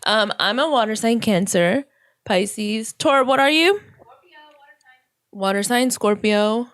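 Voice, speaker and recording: A woman's voice: a little high, unhurried, a bit bright, no echo, clean studio sound. Blunt teasing woman host. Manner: teasing, blunt, swears often. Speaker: podcast host. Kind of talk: casual podcast banter. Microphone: close podcast mic.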